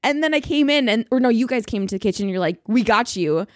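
A woman's voice: fairly high pitch, lively intonation, fast talker, no room sound, clean studio sound. A young woman co-hosting a podcast, rambling through a story in casual chat, full of fillers and swearing. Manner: rambling, filler-heavy retelling, swears freely. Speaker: podcast co-host.

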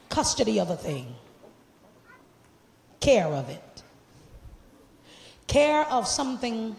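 A man preaching a sermon, shouting and joking with the congregation, then dropping low and quiet, in a church sanctuary. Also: creaky, echoey room. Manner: joking, laughing asides in casual church slang.

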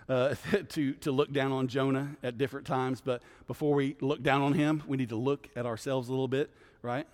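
Male pastor, mid pitch, conversational bible teacher, reverberant hall sound. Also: a little mellow. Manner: conversational, keeps asking "right?". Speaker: guest pastor.

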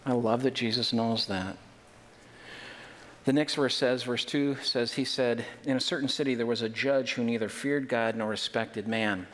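A male pastor giving a conversational sermon, animated and full of rhetorical questions to the congregation. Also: mid-range voice, moderate pace. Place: church. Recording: reverberant hall.

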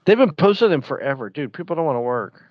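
A man who drives a bus, chatting casually and telling stories with jokes and lively quoted asides. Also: on the high side, quick pace, no echo, muffled recording. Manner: joking, animated storytelling. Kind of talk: casual chat.

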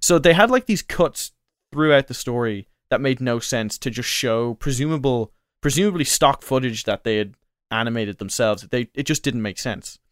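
A man's voice: mid-range voice, lively intonation, normal speed, smooth, no echo. A man rambles through a long story on a casual podcast, full of fillers and restarts. His voice sits in a middle register. The sound is dry and close, with no room around it. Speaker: podcast co-host. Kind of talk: casual chat.

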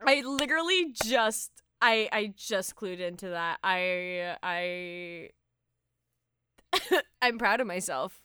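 A woman's voice: mid-range voice, lively intonation, slow, pushed and bright, clean tone, dry recording. A young woman co-hosting a casual podcast, laughing often and rambling through restarts. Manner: giggly, rambling, frequent restarts. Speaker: podcast co-host.

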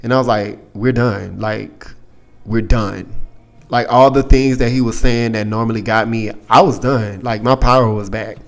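A young adult man hosting a podcast, telling a personal story in a candid, profane, casual way and getting animated when he quotes other people. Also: mid-range voice, a little fast, hardly any pauses. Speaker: podcast host.

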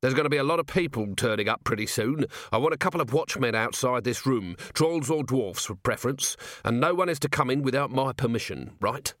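A hard, suspicious city-watch commander, as a male narrator reads him, clipped and deliberate in his orders. The voice sits in a middle register with a lively lilt, close and dry. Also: medium pitch, no echo, close to an everyday voice. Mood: terse.

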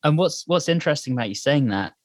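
A man's voice: on the high side, expressive, quick pace, dry recording, clean studio sound. A man from Britain co-hosting a podcast, chatting casually in a thoughtful, digressive way. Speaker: podcast co-host and editor. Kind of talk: casual chat.

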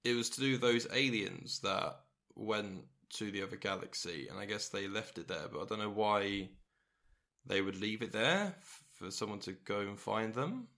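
A man's voice: on the low side, expressive, moderate pace, gravelly, pushed and bright. A man co-hosting a casual podcast, thinking aloud with hesitant, questioning talk. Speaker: podcast co-host. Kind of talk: casual chat.

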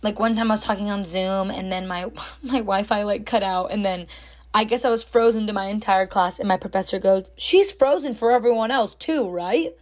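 A young woman telling a story in a casual, chatty way, full of fillers and animated when she quotes people. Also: medium pitch, a little fast. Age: young adult. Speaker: storytime host.

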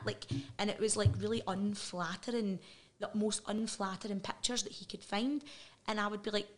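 A middle-aged woman with a Scottish accent speaks openly as a podcast guest. She is earnest and direct, with quick asides and the odd laugh, and her pitch sits in an ordinary middle range. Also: fairly even intonation. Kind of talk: candid personal interview.

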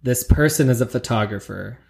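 A woman's voice: rumbling low, brisk, vocal fry, darkish tone. A woman hosting a podcast interview, playful and teasing, asking casual questions. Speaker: podcast host. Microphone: headphones.

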